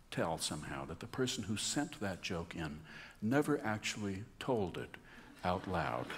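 Male radio host, wry musing monologue, low and animated, long hall reverb.

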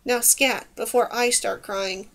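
Storybook warrior woman, stern and blunt, read by a woman narrator; dry, higher voice. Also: steady tone, a little slow, fairly bright tone.

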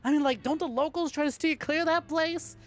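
A woman's voice: high-pitched, fairly quick. Crude, playful woman streamer. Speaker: VTuber streamer. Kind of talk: casual gameplay commentary.

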